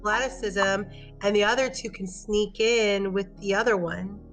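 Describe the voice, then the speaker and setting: A woman playing a tabletop game, speaking eagerly at a middle pitch. Faint music plays behind her. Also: steady tone, normal speed, a bit bright, low-quality recording. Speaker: player. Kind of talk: casual tabletop role-play.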